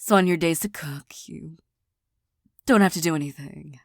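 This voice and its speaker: A woman in a soft, halting, apologetic whispered role-play as a girlfriend, recorded on a close mic. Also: sits low, creaky, no room sound.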